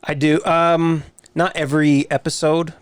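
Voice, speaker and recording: Soothing, low-key male podcaster. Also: flat delivery, measured pace, clean tone, dry recording. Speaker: sports podcast host, guest. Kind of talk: casual podcast conversation.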